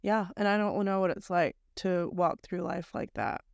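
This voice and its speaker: A woman's voice: fairly low pitch, steady tone, moderate pace, creaky, a little mellow, no echo, studio quality. A woman co-hosting a podcast, recounting a story in long chatty chains and speaking bluntly, with mild swearing. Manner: conversational, recounting events in long run-on chains. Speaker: podcast co-host. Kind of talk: casual chat recapping a story.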